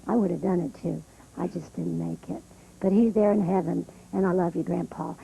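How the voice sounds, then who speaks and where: A woman's voice: lowish voice, fairly even intonation, moderate pace, gravelly, dark tone, slightly rough, poor audio. A country singer, a woman, talking in a heartfelt, emotional way on a TV reunion show. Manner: heartfelt, emotional, slightly tearful. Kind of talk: casual chat on a TV show.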